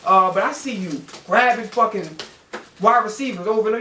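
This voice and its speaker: A man's voice: sits high, fast talker, pushed and bright. A man hosting a football reaction video, ranting with heavy profanity and lots of repetition. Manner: profane, ranting, repeats himself. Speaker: sports fan channel host. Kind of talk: heated football reaction rant. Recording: roomy echoey room.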